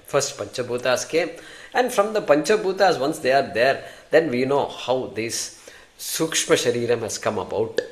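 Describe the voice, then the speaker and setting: A man's voice: medium pitch, animated, moderate pace. An Indian-accented man teaching a scripture class in a mid-range voice. He keeps things conversational, throwing questions to his students and answering them himself. He often recites Sanskrit terms and verses as he explains. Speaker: Vedanta teacher.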